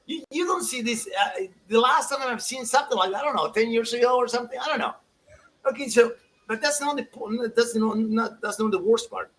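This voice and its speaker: A man co-hosting a soccer show in a casual, animated chat, laughing often and restarting his sentences. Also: very high voice, a little fast, slight background noise, rough recording.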